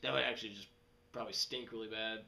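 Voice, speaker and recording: A young man, rambling casually in a vlog and jumping into high mocking voices. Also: fast talker, vocal fry. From West Texas. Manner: animated, jumps to high mocking voices when quoting people. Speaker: vlogger.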